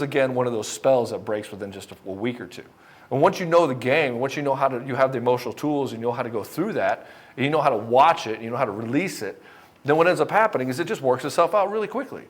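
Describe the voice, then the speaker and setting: A middle-aged man with a medium-pitched voice delivers a motivational talk straight to camera for divorced men. He's blunt and passionate and swears a lot, occasionally voicing both sides of a conversation.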